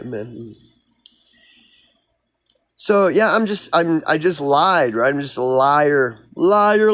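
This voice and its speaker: A man's voice: on the high side, a bit bright, highs cut off. Sarcastic ranting man from Oklahoma. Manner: sarcastic, mocking, heated. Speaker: YouTuber. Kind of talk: ranting vlog monologue.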